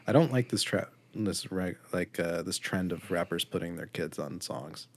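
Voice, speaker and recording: Low-voiced blunt podcast guy. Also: moderate pace. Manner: blunt and critical, with frequent ums. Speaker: podcast co-host. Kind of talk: casual album review chat.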